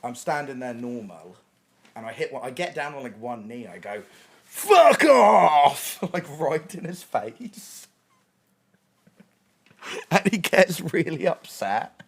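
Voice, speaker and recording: A man's voice: medium pitch, unhurried, long pauses, slight background noise. A young man streaming, casually telling a story with lots of swearing, laughter and restarts. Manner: animated, sweary, laughing often, many restarts.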